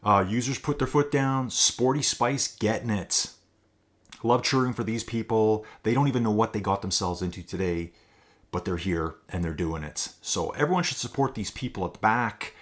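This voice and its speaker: A man's voice: fairly low pitch, moderate pace. A man hosting a live stream, giving upbeat, chatty commentary on a virtual cycling race and reading out rider names and viewer chat as he goes. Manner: chatty, upbeat, keeps addressing viewers as folks; reads viewer names and chat aloud on the fly. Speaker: race commentator and channel host.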